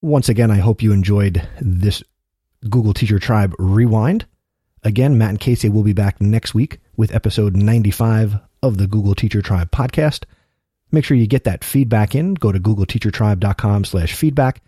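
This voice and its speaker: Low, husky man reading an outro. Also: normal speed, dark tone, no room sound, clean studio sound. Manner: upbeat, promotional. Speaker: podcast host reading an outro. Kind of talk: scripted podcast outro.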